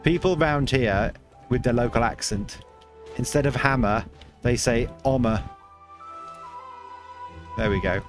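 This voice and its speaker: Over soft background music, a chatty man streams a game at normal speed in a mid-range voice. He reads chat aloud and rambles, often restarting his sentences.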